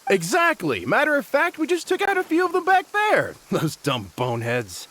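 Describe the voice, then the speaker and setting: A man's voice: extremely high pitch, wildly swooping pitch, moderate pace, sharp tone, full character voice. An actor voicing a flippant young male forest ranger with a casual, dismissive way of talking, as game voice acting. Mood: smug.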